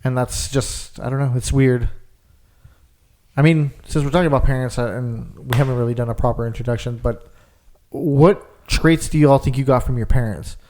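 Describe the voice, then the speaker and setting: A man's voice: mid-range voice, moderate pace, mellow. A young man co-hosting a podcast, telling a long story in casual chat and leaning hard on fillers. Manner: rambling storyteller, lots of "like". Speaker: podcast co-host.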